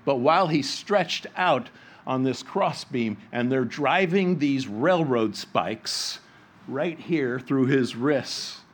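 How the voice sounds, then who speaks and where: A man preaching a sermon, reading scripture and explaining it, dropping low and soft for quoted words and rising for emphasis. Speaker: pastor.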